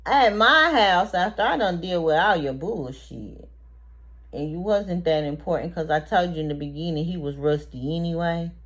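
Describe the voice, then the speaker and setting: A woman's voice: lowish voice, moderate pace, a bit bright. A woman vlogger telling a story straight to her viewers in casual, profane talk. She laughs often and acts out quoted lines with rising, emphatic repeats.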